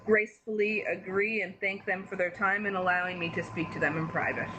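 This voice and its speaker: A woman's voice: mid-range voice, steady tone, a little fast. Woman, tabletop player, formal in character, noisy background. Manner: speaks for her elf character in a formal tone. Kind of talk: tabletop role-play, in and out of character.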